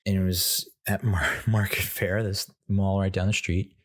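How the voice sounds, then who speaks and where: A man telling a comedic story in a casual, animated way, swearing freely and acting out the voices of other people. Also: low voice, measured pace. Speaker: comedy podcast host.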